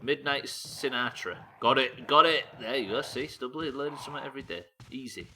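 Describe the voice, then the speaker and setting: During casual game-stream chat, a man from Yorkshire, England, jokes around and poses questions aloud to his viewers in his local accent. His medium-pitched voice is sharp in tone and a little fast. Slight background noise is present.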